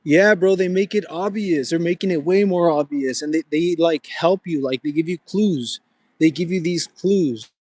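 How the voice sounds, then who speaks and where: A man's voice: fairly high pitch, normal speed, darkish tone, no echo. A young man hosting a casual livestream while he walks, chatting with viewers and calling them bro. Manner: talks to chat viewers, says bro often; walking with a gimbal. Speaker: livestream host.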